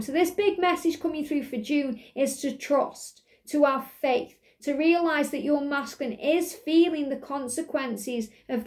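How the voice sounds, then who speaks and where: Woman, tarot reader, high voice, gentle, reassuring, spiritual. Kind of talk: tarot reading for viewers.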